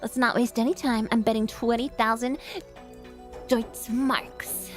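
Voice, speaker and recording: A woman voicing a smooth, confident male professional gambler who speaks politely and smugly. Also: a little high, flat delivery, unhurried, faint music behind, natural voice. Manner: polite, smug and courteous.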